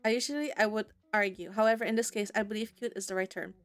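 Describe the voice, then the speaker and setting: A woman's voice: mid-range voice, fairly even intonation, quick pace, no echo, soft background music, natural voice. A woman voicing an aloof male Grim Reaper who speaks in stiff, formal sentences.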